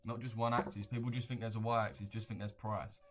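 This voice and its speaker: Low-voiced man trading live. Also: level tone, quick pace, faint music behind. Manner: slangy, chatty, addresses viewers directly. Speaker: livestream trader. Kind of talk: casual live trading commentary.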